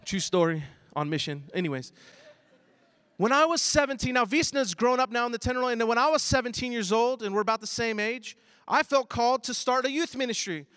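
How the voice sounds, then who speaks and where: Male pastor, 30s, high voice, bold sermon delivery, sudden quiet asides, dry close sound. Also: fairly quick, smooth, dry recording. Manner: animated preacher, swings between loud emphasis and low asides.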